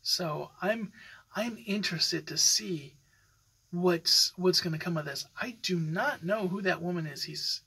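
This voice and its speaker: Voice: mid-range voice, a little slow, creaky, pushed and bright, breathy edge, low-quality recording. A podcast host talking in a casual, opinionated way, rambling with many fillers and restarts. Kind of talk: casual solo podcast commentary.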